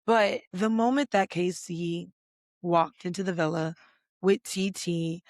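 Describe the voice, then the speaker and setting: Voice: mid-range voice, fairly even intonation, takes it slowly, dry recording, clean studio sound. A podcast host doing a casual pop culture recap, ranting bluntly and profanely, with lots of "like" fillers. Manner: filler-heavy with many "like"s.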